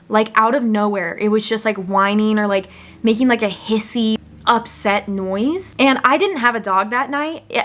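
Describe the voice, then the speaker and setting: A young woman vlogging from her one-room home, telling spooky stories in a chatty, animated way with lots of "like.". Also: medium pitch. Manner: chatty, animated, says "like" often. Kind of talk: casual storytelling to camera.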